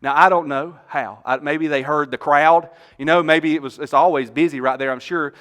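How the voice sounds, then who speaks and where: A man preaching a sermon as pastor. He tells the story in an animated way and jokes with the congregation on a church stage. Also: on the high side, normal speed.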